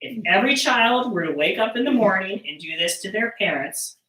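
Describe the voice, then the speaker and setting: A woman's voice: medium pitch, expressive, brisk, very noisy. A woman performing and teaching percussion storytelling to children over a live stream, in a playful, joking way. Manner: playful, jokey, talking to kids. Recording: roomy sound, mic at a distance.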